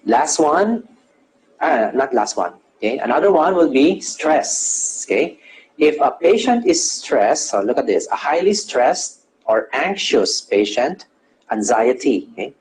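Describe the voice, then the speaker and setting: A man teaching nursing uses big pitch swings in an unhurried, darkish, mid-range voice as he quizzes students, answers his own questions and explains English terms. He adds "okay?" after nearly every phrase of the lecture, and the poor audio includes slight background noise.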